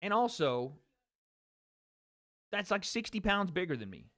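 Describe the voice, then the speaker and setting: A man's voice: sits high, sing-song, measured pace, a bit bright, dry recording. Chatty man livestreaming, dry close mic. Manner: loose and chatty, talks straight to chat, jokes and repeats himself. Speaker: livestream host. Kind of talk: casual livestream chat reacting to fight chat.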